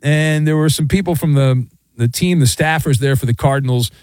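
A man's voice: a little high, moderate pace, a little mellow, no room sound. A middle-aged man hosting a sports talk radio show, ranting in a sarcastic, mocking way. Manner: sarcastic, mocking, acts out quoted voices.

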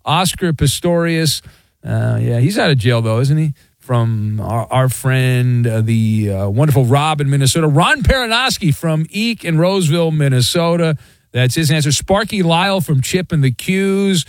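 A man's voice: fairly high pitch, normal speed, no echo. A man hosting a sports radio show, chatting casually with a wry, rambling manner and plenty of "uh"s.

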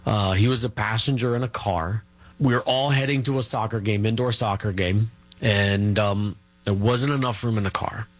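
A middle-aged man telling a family story as an interview guest, rambling and halting, full of fillers and restarts. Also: lowish voice, fairly even intonation, soft background music.

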